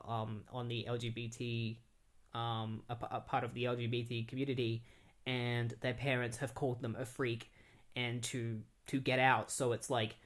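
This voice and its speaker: A young man talks through a comic issue in a loose, rambling way, like chatting to a friend. His voice sits in an ordinary middle pitch. He sounds relaxed and unscripted. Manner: rambling and conversational. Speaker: comic book reviewer. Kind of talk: casual comic book recap.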